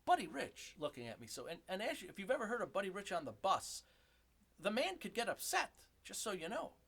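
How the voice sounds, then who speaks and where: Lively, high-voiced man teaching drums. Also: brisk, creaky, slightly rough. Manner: enthusiastic, chatty, self-joking. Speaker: drum teacher. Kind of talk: casual drum lesson. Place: home basement drum room.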